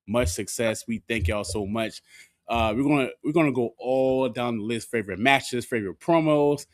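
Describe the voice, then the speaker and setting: A man co-hosting a wrestling podcast in casual chat, lively, laughing often and swearing freely. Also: medium pitch, moderate pace, no echo, clean studio sound. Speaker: podcast co-host.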